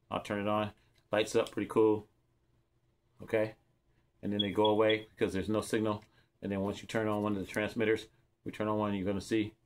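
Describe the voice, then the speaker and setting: A man's voice: fairly low pitch, fairly bright tone. A middle-aged man from California who runs his own channel, casually showing off cheap microphone gear and giving tips in a rambling, repetitive way, talking straight to his viewers. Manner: rambling, repeats himself, talks straight to viewers. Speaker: vlogger reviewing gear. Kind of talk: casual show-and-tell demo.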